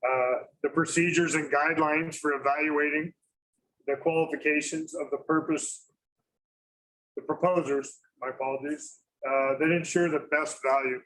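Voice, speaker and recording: A man presenting to a school district meeting, halting with many fillers and self-corrections. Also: on the high side, fairly even intonation, a bit bright, low-quality recording.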